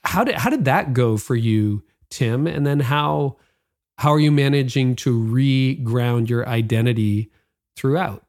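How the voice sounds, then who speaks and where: A man's voice: medium pitch, unhurried, a little mellow. A man hosting a podcast interview, asking reflective questions in a conversational way. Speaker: podcast host.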